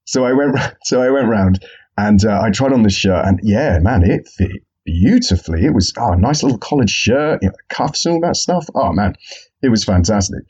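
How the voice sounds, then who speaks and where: A man's voice: on the low side, lively intonation, moderate pace, darkish tone, husky. A young man hosting a podcast in a comedic solo monologue, sarcastic and swearing a lot. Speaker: podcast host. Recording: dull lo-fi sound.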